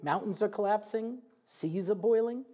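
A man's voice: sits high, moderate pace. A man giving a humorous sermon lecture as a rabbi, telling stories and acting out the quotes with jokey asides. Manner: animated storytelling, acts out quotes, jokey asides.

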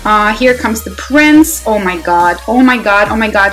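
A woman giving live commentary on her own mobile game, excitable and talking to herself, swinging from loud exclamations to quiet muttering. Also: mid-range voice, measured pace, few pauses, poor audio. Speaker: mobile game player and channel host. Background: faint background music.

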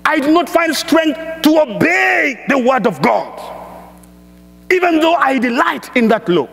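A man with a strikingly high voice preaches a sermon, reading scripture and working up to emphatic shouts. He speaks slowly, lingering over each phrase. His voice rings through a church hall with a long, lingering reverb. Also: very animated, gravelly. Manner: emphatic, builds to shouted exhortations.

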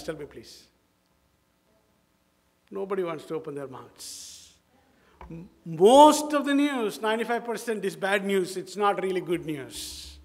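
A man with an Indian English accent preaching a sermon as pastor, emphatic, repeating phrases and putting questions to the congregation. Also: high voice. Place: church sanctuary. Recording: long reverb of a church hall.

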